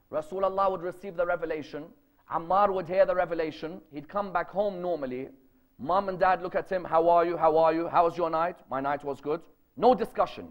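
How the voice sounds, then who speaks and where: The audio is dull as a high-pitched man preaches to a live audience at a lecture gathering. His religious talk is emphatic and narrative, with a steady stream of rhetorical questions.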